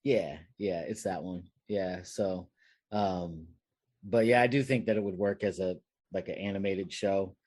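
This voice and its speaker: A man's voice: low-pitched, measured pace, a little mellow, slightly rough, dry recording. A man co-hosting a podcast, telling a long work story in rambling casual chat with many fillers and restarts. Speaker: podcast co-host.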